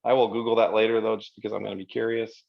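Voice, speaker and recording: A man co-hosting a live software Q&A show, chatting casually and rambling, with self-deprecating asides. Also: fairly low pitch, level tone, very fast, vocal fry. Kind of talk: casual conversational livestream chat. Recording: slightly dull lo-fi stream audio.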